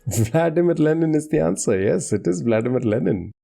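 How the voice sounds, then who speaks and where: A man's voice: on the high side, expressive, a little fast, creaky, warm tone. A man hosting a quiz show in casual chat, patiently giving clues and laughing often. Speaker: quiz host.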